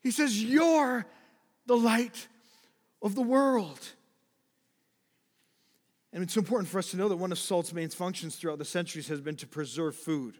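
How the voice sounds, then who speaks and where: A man preaching a sermon, moving between loud, emphatic exhortation and quiet, low explanation. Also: normal speed, pauses often. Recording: long hall reverb.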